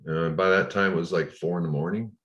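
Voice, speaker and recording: A man telling of his ordeal in an interview, frustrated and indignant, with halting restarts. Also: low-pitched, steady tone, a bit bright, echoey room. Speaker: interview guest. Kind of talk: recounting a personal ordeal in an interview. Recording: dull lo-fi audio.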